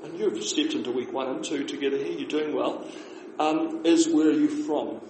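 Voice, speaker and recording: A man with a New Zealand accent, teaching beginner Māori phrases in a relaxed class, explaining slowly and repeating words for his learners. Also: on the high side. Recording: echoey room with faint noise.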